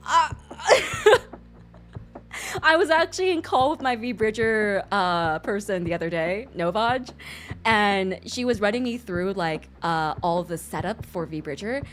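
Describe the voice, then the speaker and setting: A woman streamer chatting casually on a livestream, expressive and quick to laugh, swearing freely. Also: medium pitch, a little hiss or hum.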